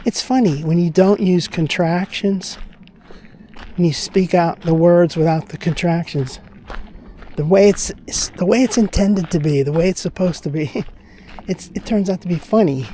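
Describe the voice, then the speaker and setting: Mellow-voiced man chatting on a walk. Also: high-pitched, normal speed, slight background noise. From Pennsylvania. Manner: chatty, rambling, opinionated. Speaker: vlogger. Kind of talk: casual walking-vlog monologue. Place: outdoors on a walking trail.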